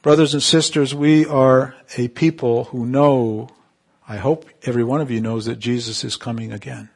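A man preaching a sermon, calling on the congregation for amens and swinging from emphatic peaks to soft, quiet asides. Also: mid-range voice, fairly even intonation, normal speed, gravelly, slightly rough. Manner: call-and-response, rising to emphatic peaks then dropping soft.

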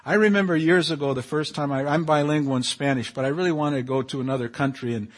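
A man's voice: a little high, fast. A male pastor preaching a sermon in a conversational way, reading scripture aloud and rising in intensity as he reads.

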